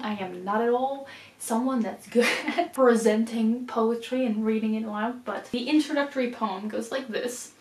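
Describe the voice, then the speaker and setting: A woman casually vlogging about reading, chatty and self-deprecating, often laughing at her own confusion. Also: fairly high pitch. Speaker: book vlogger.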